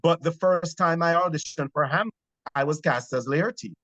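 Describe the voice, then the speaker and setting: A man from Jamaica with a Jamaican accent, a theater actor telling stories in an interview, animated but hesitant. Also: fairly high pitch, moderate pace, no room sound, poor audio. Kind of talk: conversational interview.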